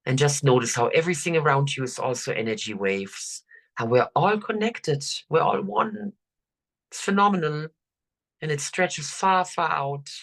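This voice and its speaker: An older woman coach, leading listeners through affirmations in a slow, soothing, drawn-out way. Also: deep voice, lively intonation, fairly bright tone. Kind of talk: guided affirmation talk.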